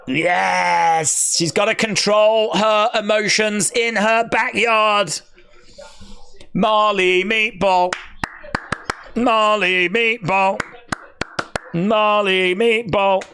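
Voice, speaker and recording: Excitable English man hosting a fight watch-along. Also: high-pitched, slight background noise. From England. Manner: excitable, shouts and cheers, chats with viewers' comments. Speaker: live stream host reacting to fights. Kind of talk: casual live watch-along commentary.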